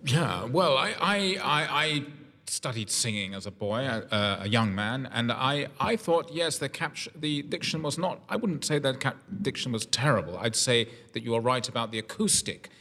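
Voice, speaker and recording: Male panel host, bright tone, wordy and articulate with many restarts, long reverb. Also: medium pitch, lively intonation, moderate pace. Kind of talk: radio arts discussion.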